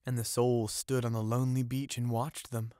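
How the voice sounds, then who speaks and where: A man narrating a classic fairy tale aloud in a measured, formal reading. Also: mid-range voice, flat delivery, mellow, dry recording, clean studio sound. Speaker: audiobook narrator. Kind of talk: scripted storybook narration.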